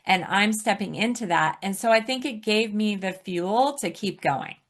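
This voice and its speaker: A woman's voice: medium pitch, moderate pace, fairly bright tone. A woman guest on a podcast, chatting casually and laughing easily. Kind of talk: casual conversation.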